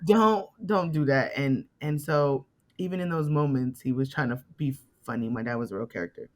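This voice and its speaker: A woman's voice: very deep voice, a little fast. A young adult woman, a podcast guest, telling her own story and acting out the conversations she retells. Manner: animated retelling that acts out quoted dialogue. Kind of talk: personal storytelling in a podcast interview.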